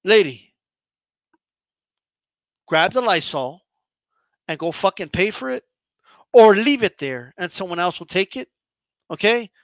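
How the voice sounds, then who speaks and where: Host, male, very high and bright voice, profane stammering rant, dry close sound. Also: expressive, unhurried, pauses often, dry recording. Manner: heated, profane, stammering restarts. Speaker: boxing channel host.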